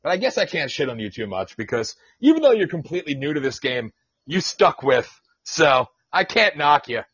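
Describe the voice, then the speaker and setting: A man hosting a talk radio show, swearing freely and needling his co-host with sarcasm. His voice is husky and high for a man, heard close and dry on a dull, lo-fi recording. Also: big pitch swings, moderate pace, fairly bright tone, dry recording. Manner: profane, sarcastic, teasing. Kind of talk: casual podcast rant. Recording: dull lo-fi sound.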